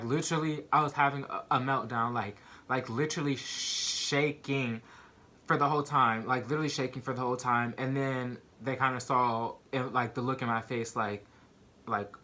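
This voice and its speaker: Bright-voiced young man telling a story. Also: mid-range voice. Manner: fast, animated retelling with many fillers. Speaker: vlogger. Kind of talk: storytime vlog.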